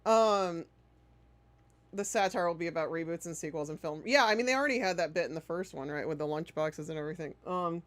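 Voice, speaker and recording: Woman streamer, casual gaming chat, animated, sarcastic, swears, dry close sound. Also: fairly low pitch, brisk, no echo.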